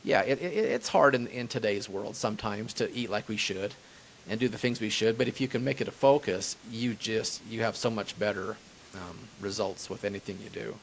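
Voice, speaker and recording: Chiropractor guy being interviewed, low gravelly voice, hesitant, bit of hiss on the line. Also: normal speed. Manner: hesitant, lots of fillers and restarts. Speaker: chiropractor guest. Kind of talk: casual interview answers.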